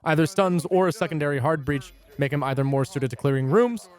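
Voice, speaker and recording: A man's voice: fairly high pitch, a little fast. A young man reading a scripted game guide with dry, jokey asides. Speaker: gaming YouTuber.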